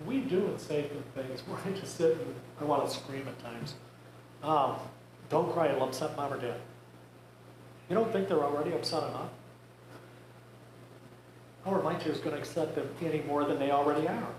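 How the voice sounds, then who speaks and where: Brief: male presenter, fairly high voice, wry and conversational, echoey room with faint hiss. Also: normal speed, long pauses. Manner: wry, conversational, joking asides. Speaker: grief presenter. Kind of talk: talk to a group. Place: church meeting room.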